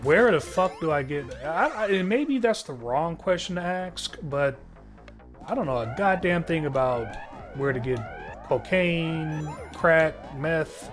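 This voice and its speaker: A man's voice: fairly high pitch, animated, measured pace, music in the background. Profane, rambling male streamer. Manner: rambling, heavy cursing, sardonic. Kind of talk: profane live-stream rant to chat.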